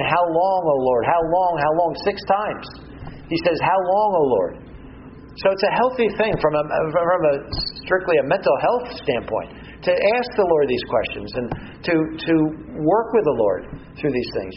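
A man's voice: on the high side, slight background noise. Earnest man preaching over muffled radio. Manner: earnest, measured, with frequent "uh" and restarts. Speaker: pastor. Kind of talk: Bible teaching sermon.

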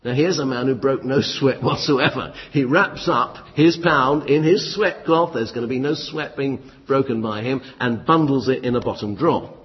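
A man preaching a sermon in an emphatic, lively style with flashes of dry humour. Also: medium pitch, moderate pace, few pauses, husky. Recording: muffled, echoey hall.

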